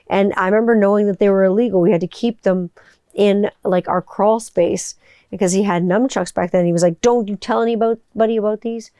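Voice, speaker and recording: Smooth-voiced woman rambling away on her podcast, excited, lots of restarts, dry close sound. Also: medium pitch, a little fast, dry recording. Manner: chatty and enthusiastic, rambling with many restarts. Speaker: podcast host; voice-over artist. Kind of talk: casual solo podcast monologue.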